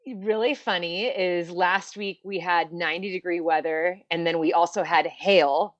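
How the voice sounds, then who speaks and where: A woman's voice: lowish voice, fairly even intonation, measured pace, no room sound, lo-fi sound. A woman guest on an interview show, chatting casually over a video call, laughing often and using many fillers. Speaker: guest ultrarunner.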